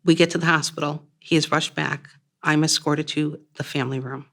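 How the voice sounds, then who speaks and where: A woman reading her own first-person story aloud in a measured, plain storytelling manner. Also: low voice, steady tone, fairly bright tone.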